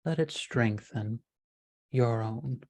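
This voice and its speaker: A self-absorbed man speaks in a tabletop game, voiced by a woman game master. His tone stays sweet and patronizing, but a quiet venom sits under the politeness. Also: mid-range voice, a little slow, slightly rough, no echo. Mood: honeyed, patronizing. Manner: sweet-sounding and condescending.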